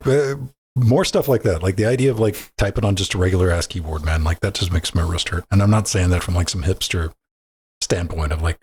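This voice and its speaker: Laid-back man with a husky low voice. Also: darkish tone. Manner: laid-back, slangy, says dude and man. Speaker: podcast co-host. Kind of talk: casual gaming news chat.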